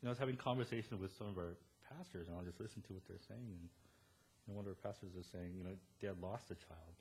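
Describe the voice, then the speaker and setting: A man in his thirties preaching a sermon as pastor, animated and storytelling, quoting the people he talks about. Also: low-pitched, quick pace, a little hiss or hum.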